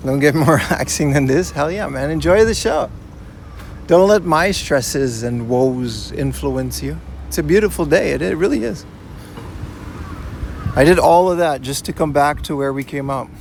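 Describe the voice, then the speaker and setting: A man's voice: on the high side, moderate pace, creaky, a little hiss or hum. A man streaming live while he walks outdoors on city streets. He chats casually and reads out and answers his chat in a laid-back way, often saying "man" and "you know". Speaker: IRL streamer. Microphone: portable streaming rig carried while walking.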